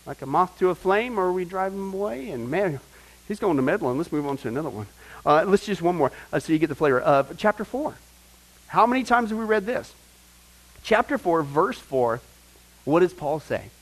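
A man preaching a sermon to a group, animated, often asking his listeners questions and acting out the people he quotes. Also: high voice, normal speed, poor audio. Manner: animated, acts out quoted voices, asks the audience questions. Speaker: pastor teaching a Bible study.

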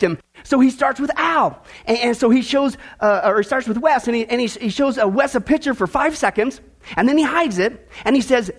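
A man preaching a sermon, opening with a chatty, playful story told to his congregation. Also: very high-pitched. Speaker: pastor.

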